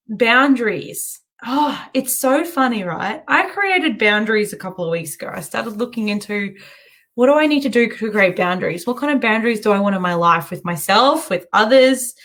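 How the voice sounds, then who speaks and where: Host: woman, upper-pitched voice, casual storytelling, giggly and animated. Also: normal speed. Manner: giggly, breaks into laughter; chatty and animated, self-interrupting.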